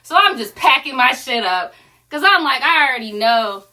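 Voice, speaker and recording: Bright-voiced young woman telling a story. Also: sits high, moderate pace. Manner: animated, profane slang-heavy storytelling. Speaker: streamer. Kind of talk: casual storytime chat.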